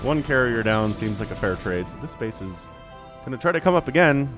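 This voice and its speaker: A man casting a real-time strategy match solo, chatty and rambling, with easily excited asides. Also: medium pitch, brisk, music in the background. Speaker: esports caster. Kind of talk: solo game commentary.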